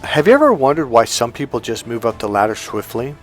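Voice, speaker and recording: A man coaching on dating, telling a story in an animated, emphatic casual monologue. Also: medium pitch, a little fast, faint music behind.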